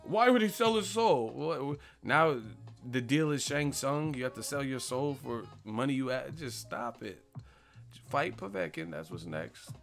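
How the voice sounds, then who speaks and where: A man's voice: medium pitch, a little slow, creaky, a bit bright. A man hosts a boxing live stream, swearing freely as he mocks and roasts commenters. His delivery is brash and confrontational. Faint music runs underneath. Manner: brash, profane, mocking and trash-talking. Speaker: boxing channel host answering live chat. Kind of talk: live stream commentary, reading chat questions.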